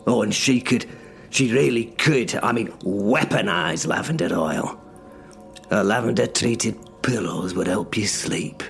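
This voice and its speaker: A man's voice: fairly low pitch, a little slow, vocal fry, soft background music. A man narrating in first person as a bitter cursed sorcerer stuck in menial work, sardonic and sweary in an audio drama. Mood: sardonic grumbling.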